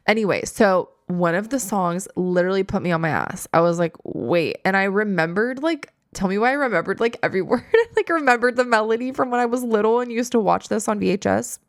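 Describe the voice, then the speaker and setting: A woman in her late twenties hosting a podcast, chatting casually in a slangy, animated storytelling way. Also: mid-range voice, fairly quick, hardly any pauses, dry recording, studio quality. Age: 20s. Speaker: podcast host. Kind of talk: casual chat.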